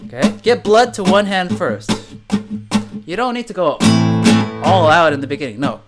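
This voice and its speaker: A man's voice: sits high, normal speed. A young man from Chicago hosting a casual live stream, talking emphatically and asking rhetorical questions as he reads out viewer comments. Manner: lively, emphatic, rhetorical questions, reads chat names aloud. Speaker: live-stream host, guitarist. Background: soft guitar playing.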